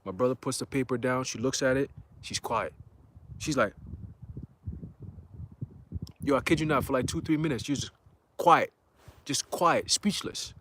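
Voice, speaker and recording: A man's voice: mid-range voice, moderate pace, pauses often, slight background noise. A young man giving a casual church testimony, slangy and full of "you know" fillers, acting out the voices in his story. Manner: excitable, acts out quoted voices.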